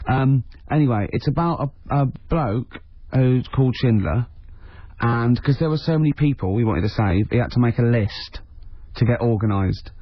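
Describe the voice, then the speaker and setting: A man on a radio show jokes along with his co-host in a deadpan, rambling way. His voice has a slightly husky edge. It comes through as a dull, lo-fi radio recording. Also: mid-range voice, moderate pace, no echo. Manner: deadpan, jokey, rambling asides. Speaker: radio co-host and film reviewer. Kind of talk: casual radio banter.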